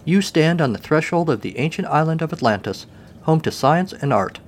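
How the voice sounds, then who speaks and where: A man's voice: a little high, lively intonation, moderate pace, slight background noise, voice pushed up, lightly acted. A man voicing a tall, pompous woman official who speaks grandly. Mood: grandiose.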